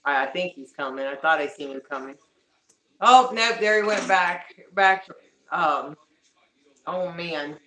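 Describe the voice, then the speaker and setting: A woman's voice: on the low side, measured pace, pauses often, bright, forceful tone, echoey room, a little hiss or hum. A woman chatting casually on a livestream, greeting viewers by name and talking to her pets at home.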